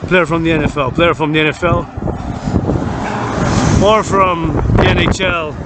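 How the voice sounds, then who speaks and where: A man's voice: a little high, fairly even intonation, measured pace. A man telling a rambling story outdoors as a vlogger, repeating words and lists over and over. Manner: repetitive, lists things over and over. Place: outdoors near a street with passing vehicles. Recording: loud traffic noise outdoors.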